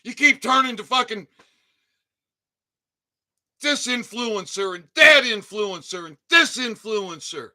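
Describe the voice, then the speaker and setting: Guy ranting live on stream, high sharp voice, slow and swearing, yells into the mic. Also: expressive. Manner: angry swearing rant with shouted outbursts. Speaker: livestream host. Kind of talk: profane ranting livestream. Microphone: desk mic, sometimes too close.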